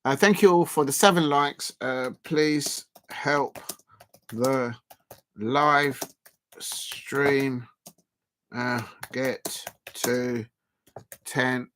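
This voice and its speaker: A man's voice: mid-range voice, drawn-out words, long pauses, fairly bright tone, a little hiss or hum. Guy rambling on a footy watchalong stream, reading out chat and going off on tangents. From South London. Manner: rambling, chatty, reads and answers viewer messages. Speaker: livestream host. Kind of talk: live football watchalong chat.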